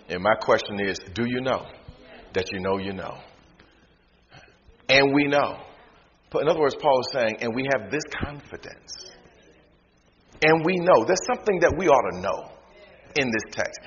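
A man with a Southern accent from North Carolina preaching a sermon, calling out to the congregation and rising to shouts. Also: medium pitch, a little hiss or hum. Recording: dull sound in a reverberant hall.

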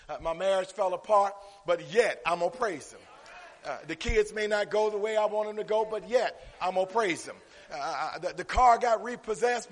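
A man preaching a sermon, calling out to the congregation and building up to shouts. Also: sits high. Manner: call-and-response preaching, rising to shouts. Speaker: pastor. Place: church sanctuary. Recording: long reverb of a church hall.

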